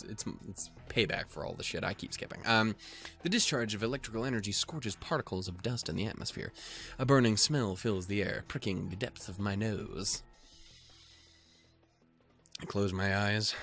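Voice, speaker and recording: A man's voice: on the low side, fairly bright tone. A young man hosting a let's play, swearing and joking as he reads the game text aloud. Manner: crude, joking, swears a lot. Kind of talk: casual game commentary.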